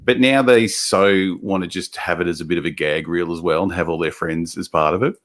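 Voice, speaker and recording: A man's voice: low voice, a little fast, a bit bright. A man hosting a live show, rambling and sarcastic in casual chat. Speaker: host.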